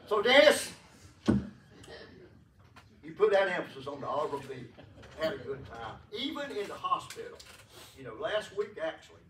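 A man delivers a funeral eulogy in a church, drifting from one fond story to the next with plenty of fillers and chuckles. His voice sits a little high and sounds distant from the microphone. The big room echoes around him over a faint hum. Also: sing-song, unhurried, pauses often, fairly bright tone. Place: church sanctuary.

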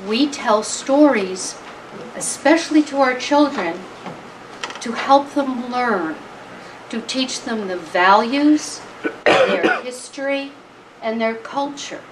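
Woman storyteller, slow and deliberate, long pauses, distant mic, faint noise. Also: fairly high pitch, expressive. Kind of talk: oral storytelling at a live concert. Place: event hall. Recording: distant mic at a live event.

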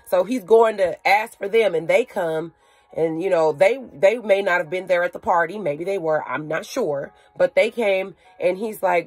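A woman's voice: lowish voice, moderate pace, husky, no echo, soft background music. Chatty woman retelling a Bible story. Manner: chatty and animated, with slang and asides. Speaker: Bible teacher.

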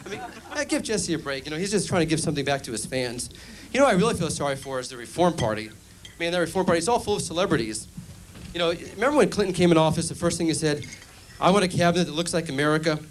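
A man performing a stand-up comedy routine on a club stage, delivering deadpan jokes and playing mock call-in phone bits. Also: fairly high pitch, quick pace, a little hiss or hum.

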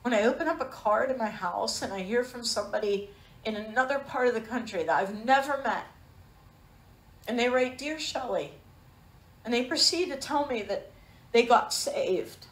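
Female Bible teacher, fairly high voice, heartfelt personal storytelling in a sermon, roomy echo. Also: moderate pace. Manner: personal storytelling, earnest and emotional. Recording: echoey room.

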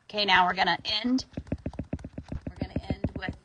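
A woman's voice: mid-range voice, lo-fi sound, noisy background. A woman guiding an EFT tapping session, talking informally, sighing on the exhales and sometimes pressing hard for emphasis.

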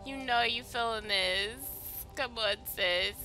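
A woman gives relaxed, slow-paced gaming commentary in a bright, fairly high voice, gushing and calling out to her viewers. Faint game music plays behind her. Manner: gushing, excitable, talks to viewers as y'all. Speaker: let's play host.

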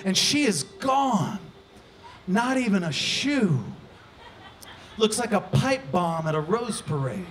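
A man performing spoken word poetry on a poetry venue stage, with a dramatic delivery that swings from hushed to loud. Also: high-pitched, expressive, takes it slowly, pauses often, a little hiss or hum. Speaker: performance poet.

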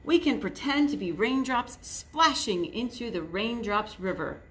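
A woman's voice: a little high, expressive, a little slow, a bit bright. A woman voicing Froggy, a dreamy young frog.

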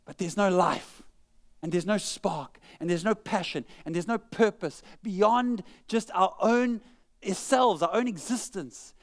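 A pastor with a high voice preaches a church sermon at a moderate pace. His delivery is conversational and humorous, with jokes at his own expense.

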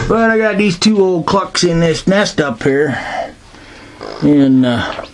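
An older man, chatting casually and roughly as he films his farm with a handheld camera. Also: fairly high pitch, expressive, takes it slowly, slight background noise. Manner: folksy, rough-spoken, calls out to animals. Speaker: homesteader filming his farm. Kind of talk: casual chat. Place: outdoors and in a barn and chicken house.

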